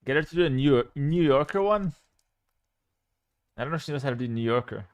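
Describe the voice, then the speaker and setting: A man chatting casually as a game streamer, animated and opinionated. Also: mid-range voice, a little fast, no room sound. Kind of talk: casual chat.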